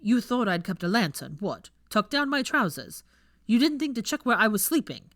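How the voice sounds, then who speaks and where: Woman reading as a sharp-tongued young man, loud and scolding, dry close sound. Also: fairly high pitch, big pitch swings, normal speed, no room sound, voice pushed up. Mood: mocking. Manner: shouting, scolding.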